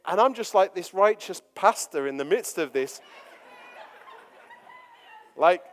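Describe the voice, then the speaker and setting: A man's voice: high voice, animated, takes it slowly, some chatter behind. A man, preaching a sermon full of jokey personal stories and fillers. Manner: jokey, anecdotal, lots of fillers. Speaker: pastor. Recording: long reverb of a large hall.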